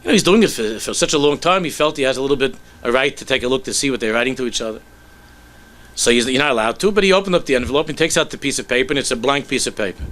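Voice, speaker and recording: A man, a rabbi, telling a story in a sermon with animated delivery that sinks to soft, low tones. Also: very fast.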